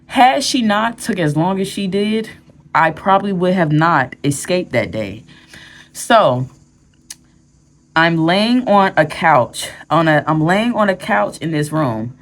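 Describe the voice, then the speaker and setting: Woman doing a storytime vlog, kinda low voice, rambly and real, lots of um and like. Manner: candid, rambling, with restarts and fillers. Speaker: storyteller vlogger.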